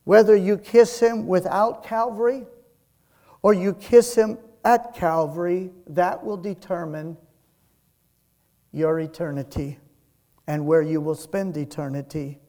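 Slow, high-voiced preaching man. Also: fairly even intonation. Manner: slow, emphatic preaching that swells and drops in loudness. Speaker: pastor. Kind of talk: sermon.

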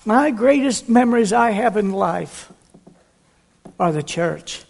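Male pastor, high gravelly voice, slow emphatic sermon delivery. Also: expressive. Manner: fervent preaching, drawn-out emphatic phrases. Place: church sanctuary. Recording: church hall reverb with soft music.

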